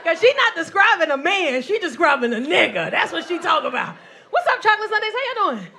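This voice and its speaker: A woman in her forties doing stand-up, loud and profane as she works the crowd. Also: very high-pitched, very animated, fast. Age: 40s. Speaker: stand-up comedian. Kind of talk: stand-up set. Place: comedy club stage. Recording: noisy live audience. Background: audience laughter.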